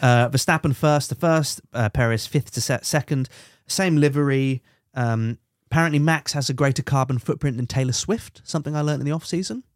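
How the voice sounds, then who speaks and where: A man's voice: mid-range voice, a little fast, dry recording, studio quality. Joking male podcast co-host. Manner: jokey, runs through race results with silly voices. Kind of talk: casual chat.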